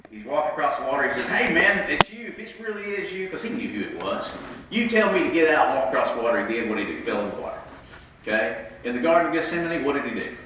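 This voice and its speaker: A man's voice: mid-range voice, a bit bright, a little hiss or hum. A congested man delivers a conversational, interactive sermon, tossing questions to his congregation. His voice rings through a very echoey church sanctuary, picked up from some distance with faint room ambience behind. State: congested from sinuses. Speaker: preacher.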